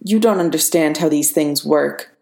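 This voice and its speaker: A sarcastic middle-aged inventor, as a woman reads him, brushing people off with quick wit. The voice sits low. It rings in an echoey room. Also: vocal fry, darkish tone.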